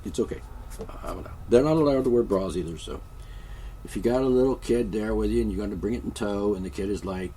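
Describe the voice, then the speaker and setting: A man's voice: lowish voice, fast talker, warm tone, far from the mic, slight background noise. A man vlogging a rambling comic monologue, joking in a mock-royal tone.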